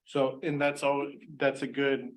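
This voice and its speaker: A man's voice: medium pitch, little pitch movement, unhurried, low-quality recording. Easygoing man explaining at a school board meeting. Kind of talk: casual meeting discussion.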